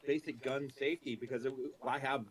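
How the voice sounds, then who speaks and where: A man's voice: medium pitch, steady tone, a little fast, low-quality recording. An American man chatting as a guest on a livestream, plain-spoken and opinionated. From United States. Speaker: guest on the stream. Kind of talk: casual chat on a call.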